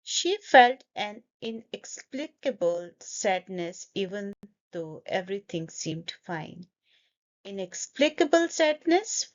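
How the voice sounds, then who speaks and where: A woman leads a pronunciation lesson at an unhurried pace, splitting a word into parts and repeating it so learners can copy her. Her voice sits at an ordinary pitch. The recording sounds a little dull and lo-fi. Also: big pitch swings. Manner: breaks words into syllables and repeats them slowly. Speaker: English pronunciation teacher. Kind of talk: slow, deliberate pronunciation lesson.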